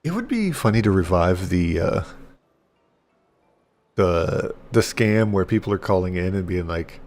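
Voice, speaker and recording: A man's voice: deep voice, expressive, measured pace, a little mellow, soft background music. A young man streaming a game, rambling and self-mocking with casual commentary. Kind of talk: casual live gameplay commentary.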